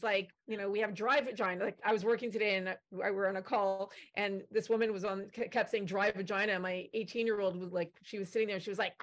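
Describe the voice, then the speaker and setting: A woman's voice: a little high, fast talker. Chatty woman in menopause on a video call. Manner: chatty, animated, acts out quotes. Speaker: panelist, company founder. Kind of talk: casual panel discussion.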